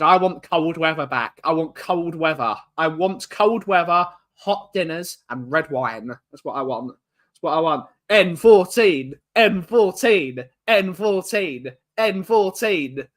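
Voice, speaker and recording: A man's voice: on the high side, sharp tone, clean tone. A man hosting a casual live-stream chat from home, greeting viewers in the chat one by one. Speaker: livestream host.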